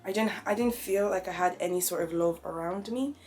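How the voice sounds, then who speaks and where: A woman's voice: mid-range voice, a little fast, a little mellow, soft background music. A young woman, talking openly and reflectively in a personal vlog. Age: young adult. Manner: open, conversational, reflective. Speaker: vlogger.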